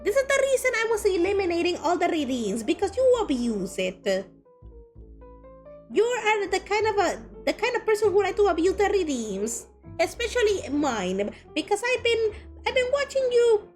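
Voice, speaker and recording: A woman's voice: extremely high pitch, big pitch swings, moderate pace, darkish tone, faint music behind, voice pushed up. A woman streamer putting on a comically exaggerated Italian accent, playing a playful Mario-style man. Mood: mock complaining. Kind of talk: live art stream chat.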